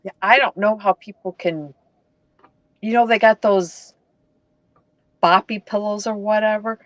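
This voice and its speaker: A woman chatting casually with a crochet host, making gentle, agreeable remarks. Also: medium pitch, fairly even intonation, a little slow, dry recording. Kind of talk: casual chat. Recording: dull lo-fi livestream audio.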